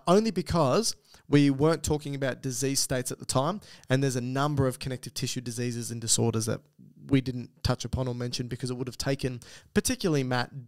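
Medium in pitch and creaky, an Australian man talks casually as a podcast co-host. Listener emails get read out, and his explanations come with jokey tangents.

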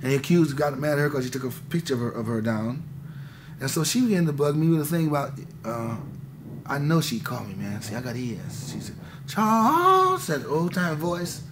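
Against a noisy background, a man in his thirties talks in a medium-pitched voice at a fairly quick pace. He's a musician being interviewed, and his candid answers are rambling and intense, full of restarts and "man."

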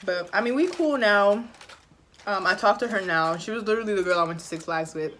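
A woman's voice: mid-range voice, a little fast, fairly bright tone, a little hiss or hum. A young woman vlogger telling a storytime while eating, chatty, slangy and profane, talking straight to her viewers. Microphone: phone camera.

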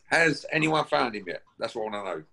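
A man's voice: medium pitch, big pitch swings, quick pace, bright, forceful tone. A man from Essex with an Essex accent, a guest boxer on a call, talking in a brash, taunting, swearing way. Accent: Essex English. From Essex, England. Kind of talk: casual call-out chat.

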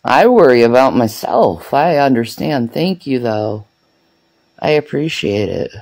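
A woman talks off the cuff on her own vlog, her voice swinging up and down with lively pitch. She chats in a loose, unfiltered way, swearing freely and laughing between thoughts. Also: measured pace, rough recording. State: out of breath. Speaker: vlog host. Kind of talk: casual chat.

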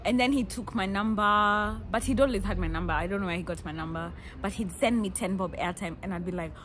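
A Kenyan woman in her twenties, telling stories in a lively, playful way and acting out the people she quotes. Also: lowish voice, fast talker, hardly any pauses, slight background noise. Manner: animated, playful, laughs often, acts out quotes. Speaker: vlogger. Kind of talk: casual storytelling.

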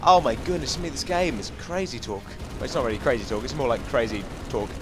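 A man's voice: medium pitch, brisk. A young English man giving jokey, chatty commentary over a video game, talking to the enemies on screen. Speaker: gaming commentator. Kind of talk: casual let's-play commentary.

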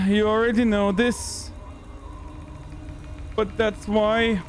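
A man's voice: sits high, slow pace, faint music behind. A male streamer giving joking, self-mocking commentary while playing a video game. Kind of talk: gaming livestream commentary.

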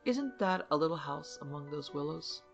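Woman reading a brisk ex-officer in an audiobook, direct questions, gravelly edge. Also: low-pitched, expressive, highs cut off, soft background music. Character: former cavalry officer, adult man, brisk.

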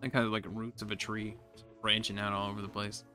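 A man giving casual commentary as he plays a game, talking to himself, often confused and quickly frustrated. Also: faint music behind. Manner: jumps to high excited exclamations when surprised. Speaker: gaming YouTuber. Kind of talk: casual let's-play commentary.

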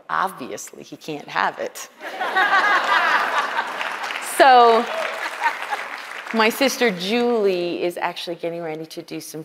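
A woman preaching at a women's conference, earnest and conversational, often quoting dialogue. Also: fairly low pitch. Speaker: conference speaker. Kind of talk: sermon. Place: large conference hall. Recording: hall reverb.

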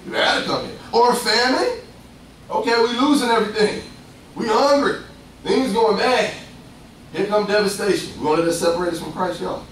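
A man preaching a sermon, animated and lively, swinging from loud bursts to hushed asides. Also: sits high, a little fast, a little hiss or hum. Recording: echoey room picked up from far off, faint ambience.

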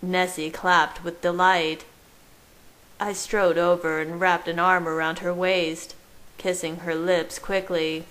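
Slow, low-voiced woman reading a story. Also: poor audio. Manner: slow, gentle, measured reading. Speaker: fan fiction reader. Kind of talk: storybook narration read aloud.

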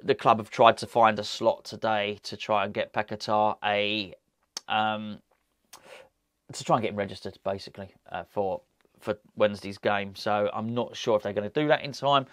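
A man's voice: on the low side, flat delivery, normal speed, fairly bright tone, no echo, clean studio sound. A man hosting a football chat, talking casually and rambling with restarts and fillers. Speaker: football podcast host. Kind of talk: casual solo commentary.

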